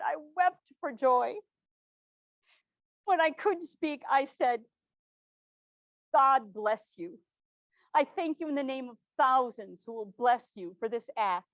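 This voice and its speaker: A woman's voice: mid-range voice, no room sound, highs cut off, lightly acted. A woman portraying an earnest 1860s governor's widow. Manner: formal, measured period diction. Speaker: living historian. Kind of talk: first-person historical portrayal.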